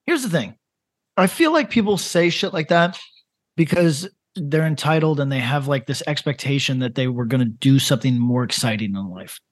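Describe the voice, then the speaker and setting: A man's voice: mid-range voice, normal speed, no echo. A man co-hosting a podcast in casual chat, rambling and laughing as he reads grim stories aloud. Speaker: podcast co-host.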